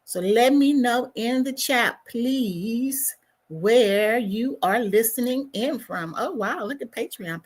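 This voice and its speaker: A woman's voice: fairly high pitch, slightly rough. A woman hosting her own livestream, talking casually to viewers and sometimes muttering to herself as she works through her settings. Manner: chatty, warm asides, mutters to herself while fiddling with settings. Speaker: livestream host.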